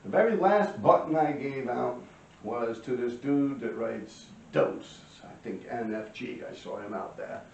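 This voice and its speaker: Gravelly New man telling a story. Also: mid-range voice, measured pace, a little hiss or hum. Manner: profane, animated, clears throat often. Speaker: graffiti writer telling a story. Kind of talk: casual storytelling monologue. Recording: roomy, distant, dull lo-fi mic.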